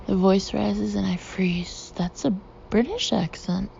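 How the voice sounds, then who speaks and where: A woman narrating a first-person audiobook expressively, slipping into soft breathy asides. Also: mid-range voice, a little slow, lo-fi sound.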